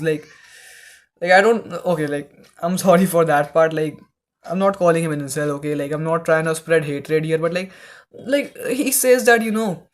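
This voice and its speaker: A host giving casual reaction commentary, exasperated, swearing often and filling every pause with "like". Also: mid-range voice. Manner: exasperated, swearing, heavy use of "like".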